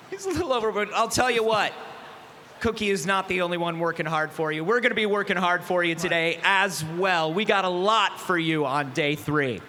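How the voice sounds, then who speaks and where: A man's voice: high voice, animated, normal speed, bright, forceful tone, slight background noise. A man hosting a live convention stream from the stage, playful and jokey. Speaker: event livestream host. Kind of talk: upbeat live event hosting.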